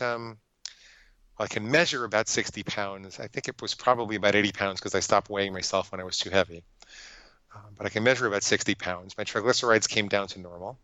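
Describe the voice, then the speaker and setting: Middle-aged man, psychologist guest. Low-pitched, forceful and earnest, dry slightly dull sound. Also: clean tone, no echo. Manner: earnest, emphatic, animated with quoted inner voices. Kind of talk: conversational interview storytelling.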